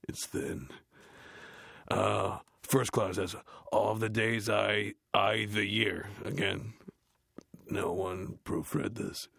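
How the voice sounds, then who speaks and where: An actor playing a dim, gruff heavy metal frontman, reading a book aloud in a deadpan, grumbling, dismissive way, with a gravelly, growly voice. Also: lowish voice, takes it slowly, no echo, clean studio sound, full character voice. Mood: bored grumbling. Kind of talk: comedic audiobook reading.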